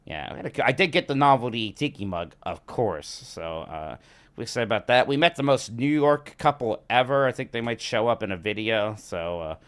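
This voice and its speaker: A man co-hosting a podcast in casual chat, excitable and swinging from quiet to loud. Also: mid-range voice, moderate pace. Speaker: podcast co-host.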